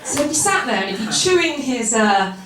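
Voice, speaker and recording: High-voiced woman doing stand-up. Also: big pitch swings, brisk, crowd noise. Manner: chatty, rambling, self-deprecating with many ums and laughs. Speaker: stand-up comedian. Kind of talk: stand-up comedy set. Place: live comedy venue with an audience. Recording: roomy live venue from far off.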